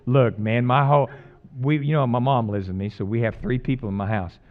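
A man's voice: medium pitch, fairly even intonation, a little fast, narrow, tinny audio. Folksy preacher man, emphatic and joking. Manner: folksy, jokey, swings between loud emphatic preaching and quiet asides. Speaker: pastor. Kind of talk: conversational sermon with stories.

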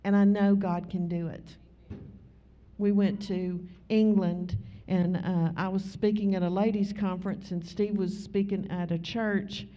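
A woman with a Southern US accent, preaching a sermon in a folksy, conversational way with drawn-out emphasis. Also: mid-range voice, level tone, dark tone. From Southern United States. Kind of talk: sermon with storytelling. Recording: slightly muffled recording.

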